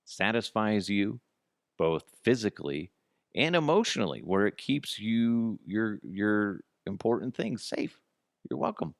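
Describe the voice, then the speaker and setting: Low-voiced podcast host with a lively delivery. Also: male voice, a little slow, gravelly, no echo, clean studio sound. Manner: rambling, swears freely, frequent asides and laughs. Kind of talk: casual comedic monologue.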